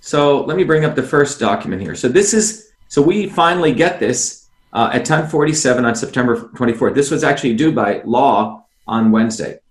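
A man's voice: mid-range voice, lively intonation, a little fast, roomy sound. A man guest on a video call, explaining insistently, asking rhetorical questions and addressing the host by name. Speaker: interview guest, former candidate.

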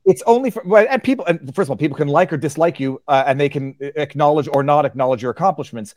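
A man's voice: a little high, quick pace, a little mellow. A man hosting an interview, often stammering and hesitating as he tries to get a word in. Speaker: interviewer, host. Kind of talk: interview conversation.

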